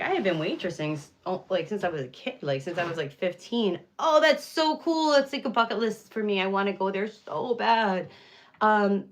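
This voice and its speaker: A young woman chatting casually with viewers on a livestream, rambling with lots of fillers and easy laughs. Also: medium pitch.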